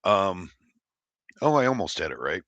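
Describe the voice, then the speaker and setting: A man's voice: low-pitched, very animated, measured pace, a bit bright, no echo, lo-fi sound. A man from Oregon hosting a livestream, chatting casually and reading chat in a rambling, blunt, profane way. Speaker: livestream host.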